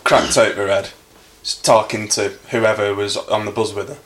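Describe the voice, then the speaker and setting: A man's voice: fairly low pitch, fairly even intonation, normal speed, fairly bright tone. A man telling a story bluntly in casual chat.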